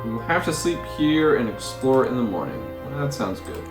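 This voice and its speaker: Lively, musing man in an echoey room. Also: mid-range voice, normal speed, over music. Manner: muses aloud, stumbling over words and chuckling. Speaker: let's play host. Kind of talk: reading game text aloud and commenting.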